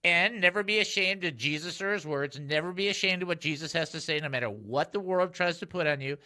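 A man with a fairly high, brisk voice hosts a casual Christian radio show in a studio. He is jokey and animated, laughing often with his co-host and callers.

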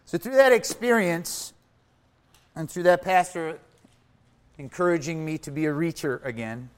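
Animated man preaching a testimony. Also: on the high side, a little slow, clean tone. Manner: animated storytelling, swings from loud to hushed; acts out his own quoted thoughts. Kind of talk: sermon testimony.

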